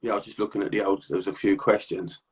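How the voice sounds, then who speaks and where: A man's voice: fairly low pitch, fairly even intonation, fast talker, breathy edge. A middle-aged man from South London with a South London accent, hosting a chatty, slangy podcast over a video call and laughing often. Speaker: podcast host. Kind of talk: casual chat on a video call.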